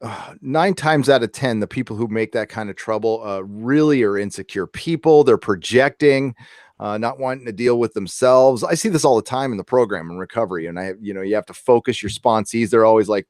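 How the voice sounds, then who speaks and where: A man's voice: medium pitch, a little fast, a little mellow, dry recording, studio quality. A man who is a podcast guest, talking casually in an earnest, rambling way with many fillers. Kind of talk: casual opinion chat.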